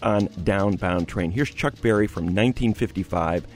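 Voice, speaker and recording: A man co-hosting a music review radio show, retelling a song in a relaxed, chuckling way. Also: lowish voice, normal speed.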